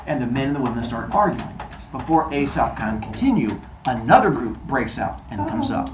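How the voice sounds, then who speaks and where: A man improvising a playful story for children in an animated way. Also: medium pitch, moderate pace, a crowd in the background. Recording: echoey room, distant mic.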